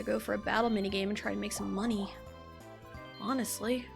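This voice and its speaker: A woman's voice: medium pitch, steady tone, brisk, gravelly, long pauses, music in the background. A woman streamer chatting casually while playing a video game, rambling between topics and breaking into swearing rants. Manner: rambling, swears a lot and rants in bursts of frustration. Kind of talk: casual live-stream chat while gaming.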